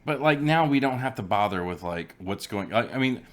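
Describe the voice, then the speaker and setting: A man's voice: medium pitch, expressive, moderate pace. A man co-hosting a casual chat, swearing freely and joking around. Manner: swears a lot, joking asides. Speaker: podcast co-host.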